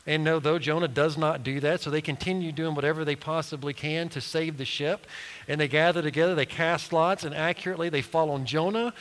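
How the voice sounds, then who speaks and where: A man's voice: fairly high pitch, fairly quick, a bit bright, big-room sound, low-quality recording. A man preaching a sermon, retelling a story with acted-out quotes and many restarts.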